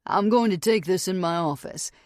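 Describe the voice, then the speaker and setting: A woman voicing a gentle, teasing male bartender who speaks softly with a Texan accent. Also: sits high, normal speed, dry recording, studio quality, voice pushed up, natural voice. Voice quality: soft voice.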